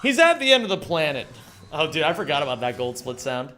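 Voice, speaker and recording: A man with a high, very lively voice calls out his speedrun live, jumping from casual chatter to loud excited outbursts. He swears freely and trades jokes with his chat. Faint game music plays behind him. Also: brisk. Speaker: streamer and speedrunner. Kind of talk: live-stream commentary while playing.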